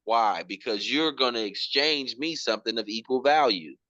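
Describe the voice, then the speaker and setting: A man's voice: mid-range voice, lively intonation, normal speed, bright, forceful tone, no echo. Slangy man explaining money, muffled. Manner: slangy, repeats words, calls listener bro. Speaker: program instructor. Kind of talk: casual teaching talk.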